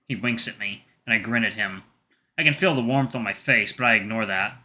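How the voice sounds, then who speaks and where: A man's voice: lowish voice, fairly quick, sharp tone. A man narrating a visual novel in the first person, reading plainly with small slips and restarts.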